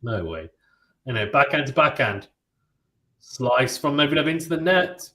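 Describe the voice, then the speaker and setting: A man's voice: medium pitch, normal speed. Chatty male play-by-play streamer in a roomy space. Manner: chatty and relaxed, reads out viewer comments and reacts to them. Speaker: host of a live tennis watchalong stream. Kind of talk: live play-by-play commentary mixed with casual chat. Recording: roomy echo.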